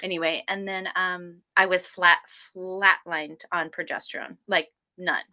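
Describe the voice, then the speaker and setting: A woman's voice: on the low side, a little slow. A woman in her forties telling her health story in a casual interview, rambling and acting out what others said to her. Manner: rambling, animated, acts out quoted people.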